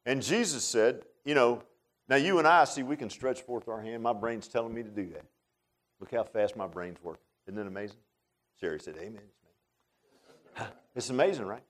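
An animated male pastor delivers a sermon in an informal style. He often repeats words and makes joking asides to the congregation. His voice sits at an ordinary, middle pitch. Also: normal speed, pauses often.

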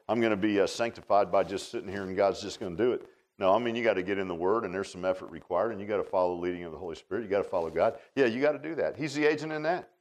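A man preaching a sermon as pastor, in a folksy, conversational way, repeating phrases and calling people "man". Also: medium pitch.

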